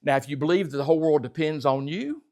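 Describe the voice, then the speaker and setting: A man preaching a sermon in a church, teaching in a conversational way and drawing in the congregation, with sharp swings between loud emphasis and quiet asides. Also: fairly high pitch, fast talker. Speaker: pastor. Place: church sanctuary.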